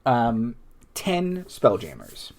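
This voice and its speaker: A man running a tabletop session as game master, describing the scene at an unhurried, slow pace. His delivery is halting, with frequent fillers and self-corrections. His pitch sits in an ordinary middle range. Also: wildly swooping pitch, very noisy. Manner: halting, full of fillers and restarts.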